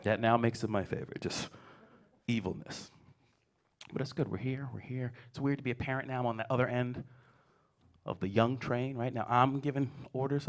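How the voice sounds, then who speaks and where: A man's voice: medium pitch, a bit bright. A man in his forties doing a stand-up comedy set, telling stories and acting out his kids. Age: 40s. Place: comedy stage before a live audience.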